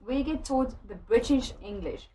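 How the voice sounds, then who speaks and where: A woman's voice: fairly high pitch, lively intonation, normal speed, dark tone, a little hiss or hum, poor audio. A South African woman in casual comedy chat, teasing and insistent as she makes her point. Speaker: podcast guest.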